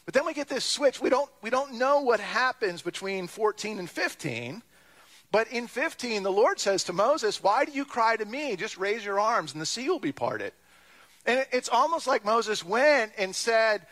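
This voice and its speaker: A man's voice: high-pitched, brisk. A man preaching a sermon, reading scripture and retelling it with wry humor and acted-out voices. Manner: lively, wry, acts out quoted voices. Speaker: pastor.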